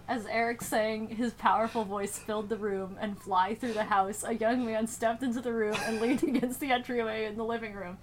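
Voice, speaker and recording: A woman's voice: a little high, fairly even intonation, normal speed, few pauses, a little hiss or hum. Giggly woman reading a story aloud. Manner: giggly, breaks off to joke about the text. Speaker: podcast co-host reading a fanfic aloud. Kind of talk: comedic dramatic reading with commentary.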